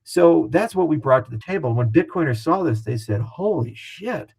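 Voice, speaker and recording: A man speaking as an interview guest, talking fast and animated in a casual, profane way. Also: a little high, vocal fry, breathy edge, rough recording.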